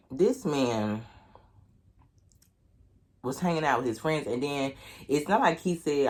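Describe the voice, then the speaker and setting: A young vlogger with an Oklahoma accent eats on camera while telling a storytime mukbang, his talk casual, slangy and profane. He's expressive, unhurried and a little mellow, pausing often, and his pitch jumps whenever he acts out his irritation.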